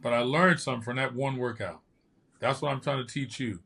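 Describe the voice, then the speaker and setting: Speaking briskly in a creaky, slightly rough, medium-pitched voice, this older man is a podcast host and ex-bodybuilder. He relates stories casually and acts out each quote with a lively storyteller's flair.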